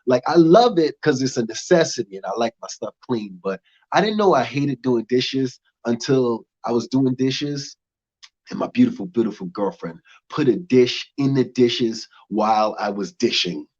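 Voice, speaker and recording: A man's voice: medium pitch, a little slow. A young American man doing a loose, punchy stand-up comedy set. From United States. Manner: loose, animated, punchy delivery. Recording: dull lo-fi audio.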